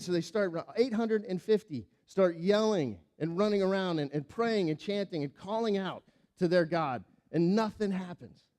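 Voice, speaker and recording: A pastor with a slightly high voice preaches a sermon built around a Bible story. He acts out the characters with lively voices and big swings in loudness, then drops to a quiet, earnest tone to apply the lesson.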